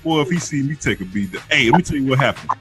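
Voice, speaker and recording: Laughing, animated man podcast host. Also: medium pitch, fast talker, music in the background. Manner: animated storyteller, profane, laughs a lot. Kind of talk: casual podcast banter.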